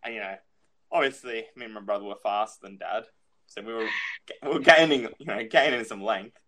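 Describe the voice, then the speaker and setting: A man's voice: on the low side, brisk, sharp tone. A young man in casual chat, telling a childhood story, laughing often and swearing freely.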